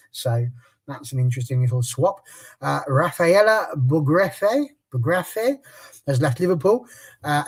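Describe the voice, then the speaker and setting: Chatty, jokey man hosting a panel. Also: mid-range voice. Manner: jokey, chatty, stumbles over foreign names. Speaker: podcast host. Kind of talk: casual panel chat, reading a transfer rundown.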